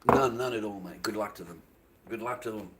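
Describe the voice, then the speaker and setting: A man's voice: lowish voice, a little fast, fairly bright tone, slight background noise. An Australian man ranting casually on his live stream, profane, rambling and dismissive.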